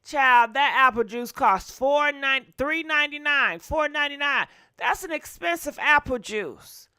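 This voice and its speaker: Woman host, folksy chatty manner, bright voice, dry close sound. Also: sits high, animated, unhurried, no room sound. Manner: chatty, folksy, sighing and humming asides. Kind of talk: casual chat to viewers.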